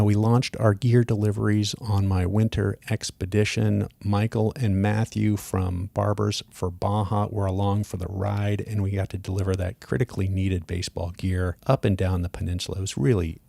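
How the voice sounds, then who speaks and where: Gravelly low-voiced podcast host. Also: male voice, dark tone, no room sound. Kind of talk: casual interview and ad reads.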